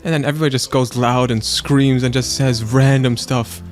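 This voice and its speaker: A man hosting a let's play, chatting casually in a rambling, animated way and acting out quotes in silly voices. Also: medium pitch, normal speed, faint music behind. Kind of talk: casual gaming chat.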